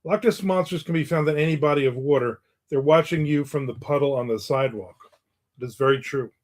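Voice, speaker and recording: A man's voice: a little high, a little fast. A man in his fifties who hosts a livestream, chatting casually and sarcastically while answering viewer comments, often laughing. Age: 50s. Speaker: livestream host.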